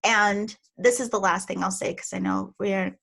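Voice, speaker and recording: Woman, podcast host, casual friendly chat, mid-pitched voice. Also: fairly even intonation, creaky, fairly bright tone. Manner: affectionate, chatty, quick to laugh.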